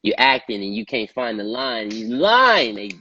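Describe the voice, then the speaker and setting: A man's voice: mid-range voice, big pitch swings, moderate pace, bright, forceful tone, dull audio. A male singer telling stories in a casual interview, laid-back and profane, often repeating filler phrases. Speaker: guest, R&B singer.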